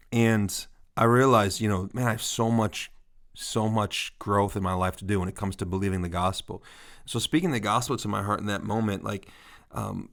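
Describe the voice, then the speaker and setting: A man's voice: on the low side, a bit bright. A man in his thirties co-hosting a ministry podcast, telling a story with a lot of laughter at himself. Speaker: podcast co-host. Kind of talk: casual ministry podcast chat.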